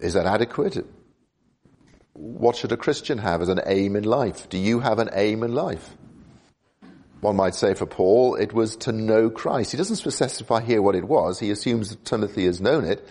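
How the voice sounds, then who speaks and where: A man with a fairly low voice delivers a sermon. He speaks in a measured way and often pauses on fillers and restarts his phrases. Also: darkish tone. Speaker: preacher.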